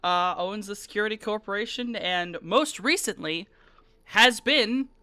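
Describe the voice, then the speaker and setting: A game master lays out the details for the players in a loose, rambling way. The voice is bright and crisp. The recording is dry and close. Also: mid-range voice, unhurried, dry recording. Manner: rambling, filler-heavy, conversational. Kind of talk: describing scenes for players.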